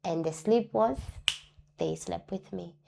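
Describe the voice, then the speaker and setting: A woman's voice: on the low side, slow pace, gravelly, noisy background. Earnest woman giving personal testimony. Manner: earnest, repeats key phrases for emphasis; acts out other people's words in lively voices. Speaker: interview guest. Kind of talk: personal testimony in a talk show interview.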